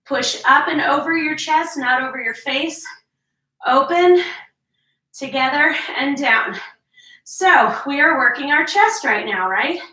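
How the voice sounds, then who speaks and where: Breathy high woman coaching a workout. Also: takes it slowly, pushed and bright. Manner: encouraging, counts reps, explains form. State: out of breath, sighing between sets. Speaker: fitness instructor. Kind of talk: workout instruction. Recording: echoey room, mic at a distance.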